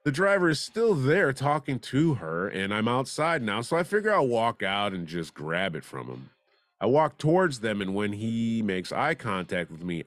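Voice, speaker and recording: A man's voice: medium pitch, no echo. A man hosting a comedy news show, reading odd stories and breaking off for sarcastic, wisecracking asides. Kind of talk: joking news commentary.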